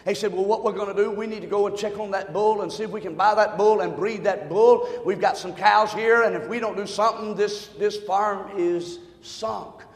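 Man preaching, high voice, folksy, quiet to shouting, long reverb in a church hall. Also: steady tone, normal speed, few pauses. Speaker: pastor. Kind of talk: sermon with a joke story. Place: church sanctuary.

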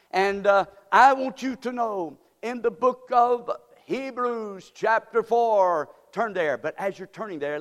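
A man preaching a sermon from the pulpit, firing rhetorical questions at the congregation. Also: fairly high pitch. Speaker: pastor. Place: church sanctuary. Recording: long hall reverb in church.

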